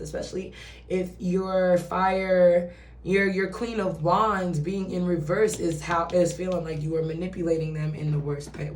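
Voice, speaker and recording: A woman's voice: lowish voice, a little hiss or hum. A woman giving a casual, chatty tarot reading who swears and acts out quoted voices. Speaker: tarot reader. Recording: roomy echo, distant from mic.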